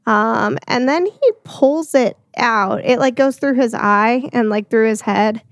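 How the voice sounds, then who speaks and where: A woman's voice: on the high side, unhurried, no room sound, clean studio sound. A young woman co-hosting a movie podcast in casual, chatty talk full of likes and ums. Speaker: podcast co-host.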